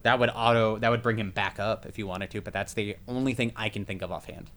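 A man serves as game master for a tabletop game, explaining rules and narrating in a rambling style full of fillers and restarts. His lowish, slightly bright voice moves at a quick pace with fairly even intonation.

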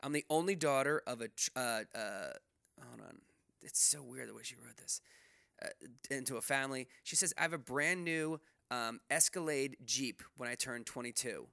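This podcast co-host has a medium-pitched voice at a moderate pace, creaky and bright with a forceful tone, recorded dry and clean in a studio. He chats casually, rambling, restarting, using lots of fillers and cursing without restraint.

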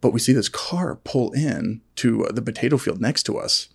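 A man co-hosting a casual podcast, telling stories in an animated way with lots of laughter. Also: moderate pace, gravelly, slightly rough. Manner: animated, laughing, jumps to high-pitched acted quotes. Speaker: podcast co-host. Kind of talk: casual storytelling chat.

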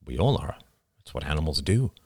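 A man reading the lines of a blunt, guarded man with grim views, in a flat, terse manner. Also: extremely low pitch, brisk, slightly rough, dry recording, studio quality, heavily acted. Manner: flat, terse, matter-of-fact. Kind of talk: audiobook character reading.

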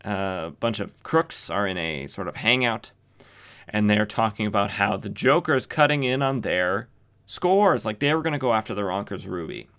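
A man's voice: on the low side, expressive, normal speed, fairly bright tone, clean tone. Sarcastic man recapping old comics. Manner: joking and sarcastic, with frequent fillers. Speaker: comic book podcast host.

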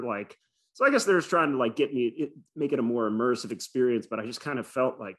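A man's voice: medium pitch, brisk, fairly bright tone. Man, podcast co-host, casual chat, rambling, lots of "like" and "uh". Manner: rambling, filler-heavy storytelling.

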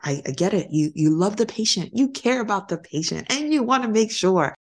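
Here the middle-aged host's voice is medium-pitched, animated, and brisk. Delivering a motivational podcast monologue, she encourages listeners earnestly and repeats her key phrases.

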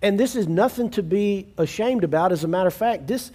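Male pastor, slightly raised pitch, conversational sermon delivery, restarts, plays out little quoted dialogues. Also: a little fast, warm tone. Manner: earnest, conversational preaching with frequent restarts; acts out quoted family dialogue.

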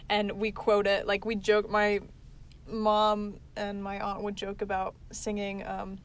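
A woman's voice: mid-range voice, monotone, a little slow. A tired young woman co-hosting a podcast, chatting in a laid-back way and laughing often. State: tired, yawning. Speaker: podcast co-host. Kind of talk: casual chat. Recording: faint background noise.

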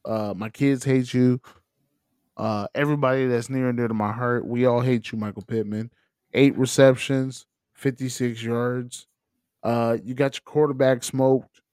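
Podcast co-host, man, mid-pitched, dry close sound, joking trash talk. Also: fairly even intonation, a little slow, a little mellow, clear, resonant tone, dry recording. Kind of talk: casual sports chat.

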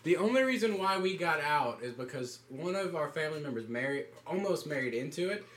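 A young man with a fairly high voice that rises and falls a lot, talking in relaxed podcast banter. He tells stories insistently and at length, with faint background hiss. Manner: storytelling, insistent, drawn-out explanations. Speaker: podcast co-host. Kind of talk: casual chat.

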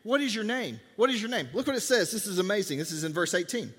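A man's voice: high-pitched, lively intonation, quick pace, a bit bright, husky, in a large hall. A man preaching a sermon in a church, talking conversationally and acting out the dialogue of biblical scenes. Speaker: pastor. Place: church sanctuary.

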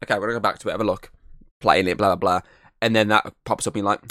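A man's voice: lowish voice, steady tone, rapid-fire, fairly bright tone, no room sound, clean studio sound. A man hosting a casual podcast chat, rambling on, swearing often and laughing easily. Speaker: podcast host. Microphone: headset.

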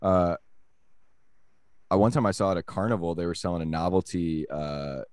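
A man's voice: deep voice, normal speed, darkish tone, smooth, no room sound, clean studio sound. A man co-hosting a podcast in casual comedic chat, rambling and joking with mumbled asides. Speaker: podcast co-host.

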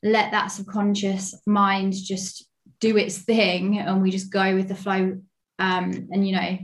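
Hesitant woman podcast host. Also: mid-range voice. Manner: hesitant, full of fillers and self-corrections. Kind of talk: interview questions.

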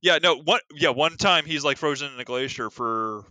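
A man's voice: a little high, moderate pace, bright, forceful tone, no room sound. A man chatting casually about a monster movie, rambling with lots of filler words and a sarcastic edge.

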